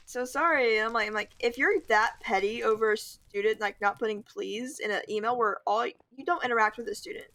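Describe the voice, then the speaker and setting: A woman's voice: fairly high pitch, fairly bright tone. A teenage girl telling a storytime anecdote over gameplay footage, full of "like" and "I'm like". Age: teens. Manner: chatty, lots of "like" and "I'm like". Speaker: gaming vlogger.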